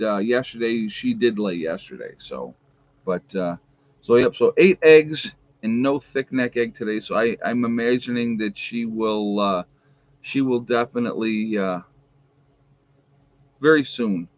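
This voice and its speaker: An American man vlogs in a rambling livestream, talking casually with lots of fillers and restarts. His delivery is unhurried, and he slips into high baby talk for his dogs. The recording is dry, with the highs cut off.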